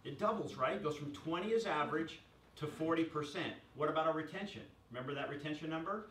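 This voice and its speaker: A man giving a lively workshop presentation to a room, joking and quizzing the audience. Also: on the high side, fast talker, slight background noise. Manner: energetic, jokey, asks the audience questions. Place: chamber of commerce meeting room. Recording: echoey room recorded from far off.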